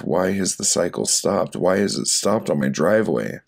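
A man reading his own poems aloud for an audiobook, with a dry, deadpan delivery and slow pauses between short lines. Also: low voice, creaky, husky.

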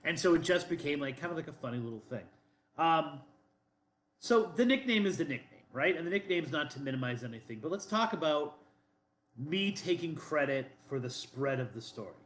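A man's voice: a little high, expressive, a little fast, fairly bright tone. Rambling man with echoey room sound. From Boston. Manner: rambling, defensive, many fillers and restarts. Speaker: podcast co-host. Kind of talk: casual chat.

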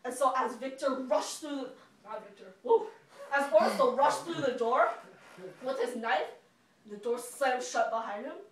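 A woman teacher telling a missionary story to children in an animated way. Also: high voice, a little slow. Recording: echoey room from far off.

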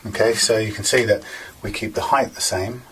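A man's voice: on the low side, steady tone, a little fast, a crowd in the background, rough recording. A man casually talking through guitar fret work in a workshop, rambling with many fillers as he explains each step. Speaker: guitar repairer.

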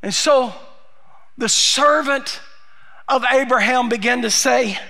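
Pastor type, man, very high and sharp voice, lively sermon storyteller who gets loud. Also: slow pace, vocal fry. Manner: animated storytelling preacher, often raising his voice, frequent "uh" fillers.

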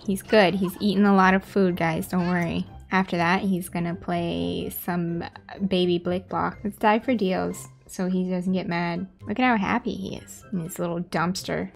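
A woman's voice: medium pitch, vocal fry. Chatty woman narrating her gameplay. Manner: chatty, reacting aloud to the game. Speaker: gaming video host. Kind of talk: casual gameplay commentary.

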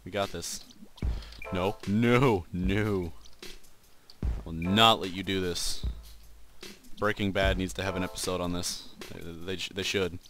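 A man doing let's play gaming commentary, excitable and swearing often, yelping when he fails. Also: low-pitched, unhurried, pauses often, music in the background. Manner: excitable, swears a lot, yelps at failures.

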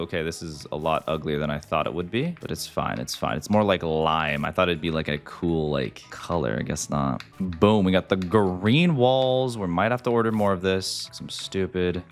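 A man with a deep voice narrates a game as he plays, his pitch jumping up and down with every small win or setback. He mutters to himself, talks to the audience and keeps saying "dude". Faint music plays behind him. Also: moderate pace, few pauses. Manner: excitable, talks to himself and the viewers, says "dude" often. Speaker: gaming video host. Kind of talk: gameplay commentary.

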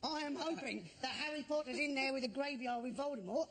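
A man delivering a deadpan, sweary stand-up routine as a panellist on a TV panel show. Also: very high voice, a little fast. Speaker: comedian panellist. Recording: TV studio audience noise.

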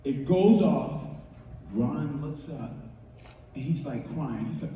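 Lively male storyteller, somewhat higher voice, heard from a distance in a reverberant room. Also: slow pace, a little hiss or hum. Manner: lively, acts out quotes with voices, laughs often. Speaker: music producer telling a story. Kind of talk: animated storytelling on a talk show. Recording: echoey hall, voice far from mic.

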